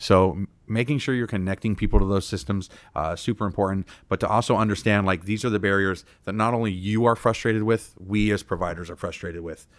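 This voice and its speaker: A man's voice: on the low side, steady tone, a little fast, few pauses. A man on a community town hall panel, explaining treatment barriers earnestly with frequent fillers. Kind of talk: panel discussion talk.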